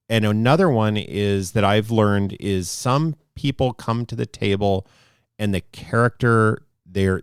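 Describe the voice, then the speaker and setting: A man's voice: on the low side, clean tone, no room sound. A man co-hosting a podcast as game master, talking in a rambling, thoughtful way into a close mic. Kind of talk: casual podcast discussion.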